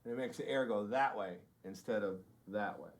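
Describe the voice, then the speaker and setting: A man's voice: lowish voice, moderate pace, background noise. Man demonstrating mic technique. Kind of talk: interview demonstration.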